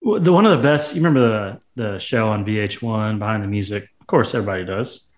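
A man's voice: on the low side, fast talker. A man co-hosting a casual music podcast, telling amused anecdotes. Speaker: podcast co-host. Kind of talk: casual chat.

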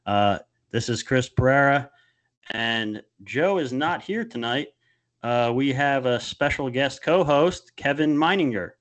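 A man's voice: medium pitch, expressive, a little slow, a bit bright, lo-fi sound. A man hosting a podcast in a loose, joking, casual chat. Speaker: podcast host.

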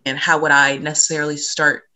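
A woman's voice: low voice, level tone, a little fast, bright, forceful tone, low-quality recording. A woman co-hosting a podcast over a video call, rambling and giggly, correcting herself as she goes. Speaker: podcast co-host. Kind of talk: casual podcast chat.

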